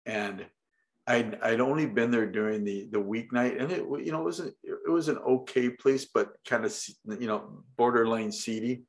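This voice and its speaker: A middle-aged man chatting casually as an interview guest. His voice sits at an ordinary middle pitch. He rambles, restarts his sentences often and drops in casual swearing. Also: normal speed. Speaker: podcast guest.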